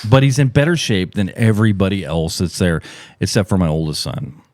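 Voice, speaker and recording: A middle-aged man hosting a podcast, telling a profane, animated story in casual chat. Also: a little fast, no echo, studio quality. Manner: profane, animated storyteller, voice jumps high and loud when acting out shouts. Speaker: podcast host.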